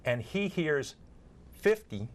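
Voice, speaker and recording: A man's fairly high voice is very animated yet slow. Being interviewed as an expert on nurse communication training, he explains in earnest through examples, often repeating words while restarting.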